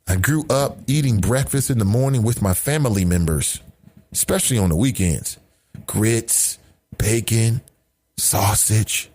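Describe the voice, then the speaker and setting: A man's voice: medium pitch, a little mellow. A middle-aged man delivers a solo commentary monologue with a voice that swings widely up and down. He sounds indignant and blunt, swears freely, and keeps hitting the listener with rhetorical questions. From United States. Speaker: podcast host.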